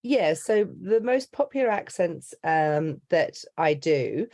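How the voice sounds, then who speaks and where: Middle-aged woman coaching accents, deep-ish voice, rambly chatty podcast talk. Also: animated, takes it slowly, a little mellow. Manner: chatty, rambling, heavy on "you know, like". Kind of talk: podcast interview, explaining her methods.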